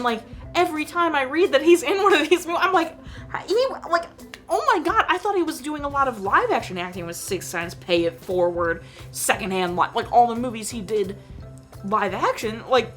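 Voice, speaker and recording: Animated young woman chatting about films. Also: on the high side. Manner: animated, gushing, filler-heavy with frequent "like". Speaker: host reviewing films. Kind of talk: casual chat.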